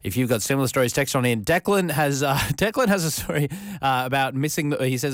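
A man's voice: medium pitch, animated, fast talker, no room sound. An Australian man hosting a radio show in a studio, chatting casually and rambling with lots of fillers and restarts. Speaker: radio host. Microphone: studio microphone.

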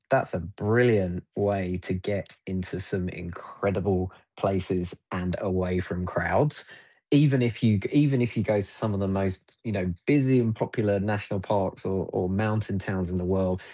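A man joins a radio show as a travel guest, rambling enthusiastically with lots of fillers and restarts. His voice sits a little low. The line sounds dull and lo-fi. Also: darkish tone. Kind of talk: radio interview chat.

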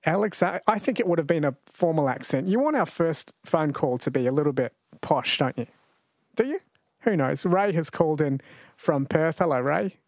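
A man's voice: fairly high pitch, expressive, moderate pace, no room sound. A man hosting a radio quiz show in a chatty, jokey way. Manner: chatty, jokey, laughs easily. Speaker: radio host. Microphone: studio microphone.

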